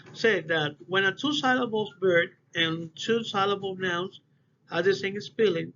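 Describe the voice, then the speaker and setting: A man giving a class presentation, speaking haltingly and often restarting his phrases. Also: high-pitched, fairly bright tone. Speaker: student presenter. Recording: dull lo-fi audio with faint hiss.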